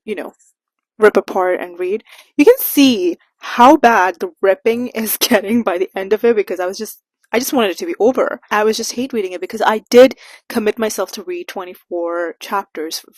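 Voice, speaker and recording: Young woman, mid pitch, animated sarcastic book rant to camera, dry close mic. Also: no room sound. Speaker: book vlogger.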